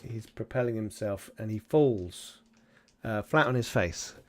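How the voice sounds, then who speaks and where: A man's voice: on the low side, animated, a little slow. A man running a tabletop game as game master, narrating loosely and acting out side characters as he goes.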